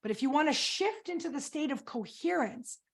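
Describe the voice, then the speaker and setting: A middle-aged woman coach giving an energetic webinar presentation, often quizzing her audience with questions. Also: sits high, moderate pace.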